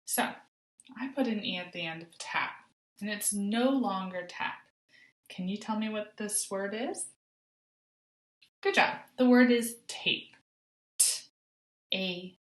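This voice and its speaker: A woman teaching a phonics lesson to young children, sounding out letters slowly and praising often. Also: mid-range voice, roomy sound. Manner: encouraging, sing-song praise, slow sounding out of letters. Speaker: kindergarten teacher.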